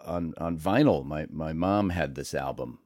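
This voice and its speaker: A man's voice: extremely low pitch, unhurried, darkish tone, no echo, clean studio sound. A man from Ohio co-hosting a casual chat, rambling and laughing as he tells stories. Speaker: co-host.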